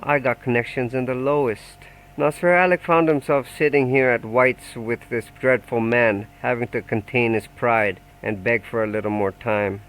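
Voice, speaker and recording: A man reading a novel aloud in steady, measured audiobook narration. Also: medium pitch, low-quality recording.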